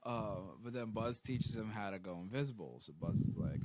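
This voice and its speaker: A man co-hosting a podcast, casually retelling a show's plot, laughing and doing squeaky voices for quotes. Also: normal speed, very noisy. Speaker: podcast co-host. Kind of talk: casual movie recap chat.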